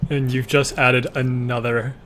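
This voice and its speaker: A man's voice: mid-range voice, little pitch movement, measured pace, heavy background noise. A man running a tabletop role-playing game, narrating scenes and calling for dice rolls in a laid-back way. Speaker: game master.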